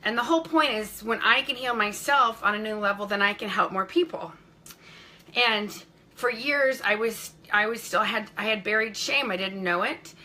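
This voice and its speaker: Bright-voiced effusive middle-aged woman. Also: medium pitch, moderate pace. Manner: effusive, warmly greets viewers by name mid-story. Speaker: speaking coach. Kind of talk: live-streamed personal story.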